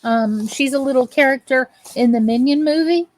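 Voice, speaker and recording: A woman's voice: high voice, normal speed, dry recording, low-quality recording. A woman hosting a crafting channel, chatting to viewers as she crochets and greeting them by name. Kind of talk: live crochet chat with viewers.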